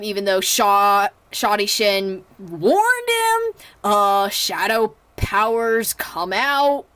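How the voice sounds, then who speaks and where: A woman's voice: a little high, fairly bright tone, dry recording. A young woman casually reviewing a movie at home, chatty and rambling with lots of fillers and restarts, acting out her own reactions.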